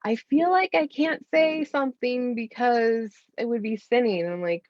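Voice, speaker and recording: A woman's voice: on the high side, moderate pace, hardly any pauses, a little mellow, no room sound, highs cut off. A woman in her thirties, a podcast guest who coaches mothers, talking in an earnest, encouraging way straight to the listener. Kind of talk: casual podcast interview.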